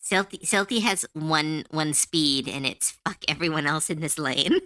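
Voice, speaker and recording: Woman, livestream chat, swears a lot, bright tense tone, dry close sound. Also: low voice, a little slow, dry recording. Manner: profane, heated ranting. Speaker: streamer. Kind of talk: casual livestream chat while drawing. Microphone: close to a desk mic.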